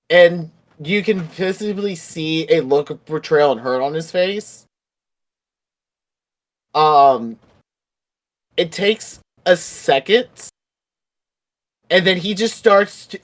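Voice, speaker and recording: Brief: animated tabletop player with a mid-pitched voice who tells their moves with lots of fillers. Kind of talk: casual tabletop role-play narration.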